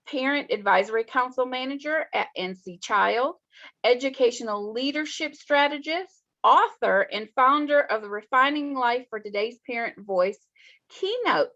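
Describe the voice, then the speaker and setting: A woman's voice: on the high side, pushed and bright. A woman hosting an online event, welcoming everyone back and introducing the next speaker in an upbeat way. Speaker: event host. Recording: muffled lo-fi audio.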